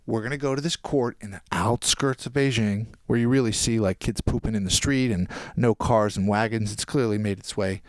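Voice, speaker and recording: A man, a podcast guest, telling a long anecdote in casual chat and quoting people in quick voices. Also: lowish voice, dry recording, clean studio sound.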